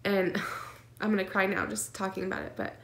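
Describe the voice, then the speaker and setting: Recounting her twin pregnancy to camera in a casual vlog, a woman speaks at normal speed in a middle-pitched, slightly bright voice. She's earnest and emotional, filling her speech with fillers and nervous little laughs, and the room echoes around her.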